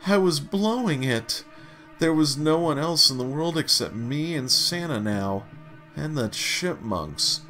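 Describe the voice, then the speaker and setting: A man reading a humorous memoir story aloud with a dry, deliberate, wry delivery. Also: a little high, animated, pushed and bright. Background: faint guitar music.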